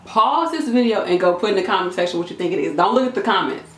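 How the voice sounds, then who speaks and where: A woman nurse giving an animated, emphatic motivational talk to camera, chatty and repeating her points. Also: medium pitch, fast, soft background music. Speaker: nurse and video creator. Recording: echoey room.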